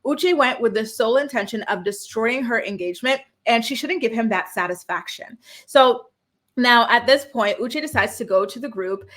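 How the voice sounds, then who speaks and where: A young woman recaps a reality show at a normal speed, casual and opinionated. She's indignant and animated, acting out quotes with sudden leaps in pitch.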